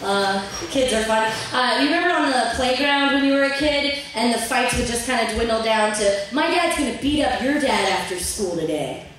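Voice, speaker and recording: A young woman from Virginia performing a stand-up set in a bar, deadpan with filler pauses, sometimes laughing at her own jokes. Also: on the high side, slight background noise. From Virginia, USA. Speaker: stand-up comic. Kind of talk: open-mic stand-up set. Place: bar stage. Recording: roomy bar audio from a distant mic.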